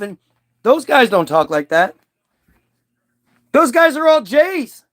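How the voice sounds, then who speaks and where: A man's voice: extremely high pitch, big pitch swings, slow, pauses often, a bit bright. Heated, rambling man ranting to camera. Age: adult, old enough to recall early-2000s hits. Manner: profane, heated, frequent restarts and trailing asides. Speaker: video commentator. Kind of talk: rambling off-the-cuff monologue.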